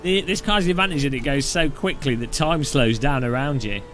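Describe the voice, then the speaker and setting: A man's voice: medium pitch, a little fast, fairly bright tone, soft background music. A man giving casual, joking commentary while driving a racing sim, chatty and rambling with frequent laughs and restarts. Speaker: sim racing video host.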